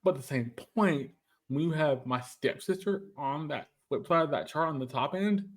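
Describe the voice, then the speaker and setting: Animated man arguing about anime. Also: fairly high pitch, moderate pace. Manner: animated, emphatic, repeats himself. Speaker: podcast co-host. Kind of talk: casual anime chat.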